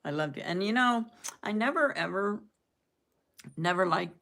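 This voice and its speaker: A woman's voice: mid-range voice, expressive, normal speed, creaky, fairly bright tone. An older woman rambling in casual chat with her viewers, laughing at her own jokes as she goes. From southern United States. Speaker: live-stream host chatting with viewers.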